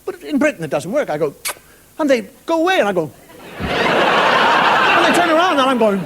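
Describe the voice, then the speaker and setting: Irish comedian, high lively voice. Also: male voice, moderate pace. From Ireland. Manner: wry, rambling delivery with mimicked voices and sudden shouts. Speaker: stand-up comedian. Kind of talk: stand-up monologue. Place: television studio with audience. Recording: broadcast studio with audience laughter and noise. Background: studio audience laughter.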